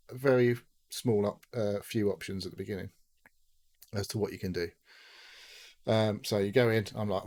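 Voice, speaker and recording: A man's voice: lowish voice, darkish tone. A man co-hosting a podcast, chatting casually and rambling about a game, swearing freely and acting out what people said. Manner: rambling, swears a lot, acts out quotes. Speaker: podcast co-host. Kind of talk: casual gaming chat.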